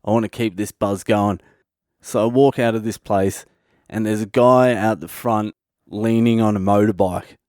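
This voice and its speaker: A man's voice: fairly low pitch, a little mellow, no echo, studio quality. A man in his thirties from Australia with an Australian accent, telling a comic story on his own podcast in a loose, profane way. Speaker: comedian podcast host.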